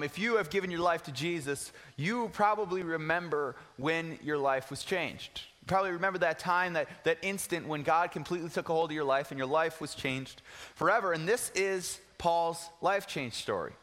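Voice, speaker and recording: A young man preaching with a high, bright voice, earnest but casual and full of slang and repeats. A long reverb trails each phrase, as in a big church sanctuary. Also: moderate pace. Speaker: pastor. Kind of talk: sermon.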